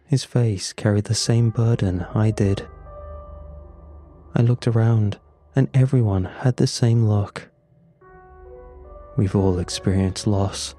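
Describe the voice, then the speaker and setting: A man narrating a first-person horror story in a slow, somber, scripted telling. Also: lowish voice, fairly even intonation, dark tone, faint music behind.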